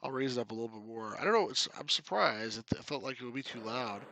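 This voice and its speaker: A man's voice: medium pitch, expressive, quick pace, sharp tone, slight background noise. A man casually commenting on a point and click game as he plays, joking and laughing often. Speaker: game reviewer. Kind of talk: casual let's-play commentary.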